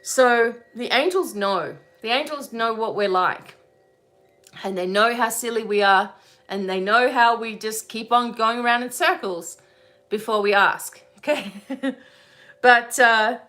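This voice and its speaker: A woman's voice: on the high side, measured pace, sharp tone. A woman hosting a spiritual webinar in a casual, chatty teaching style, laughing often and checking in with "right?".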